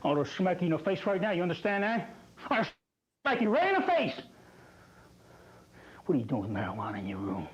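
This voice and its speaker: Brief: man as a hollering, coughing, stammering dad scolding his son; slightly high voice; dull old-tape sound. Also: expressive, fast, close to an everyday voice. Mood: angry. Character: angry scolding father confronting his son. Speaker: public access TV actor. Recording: lo-fi archival public access TV tape.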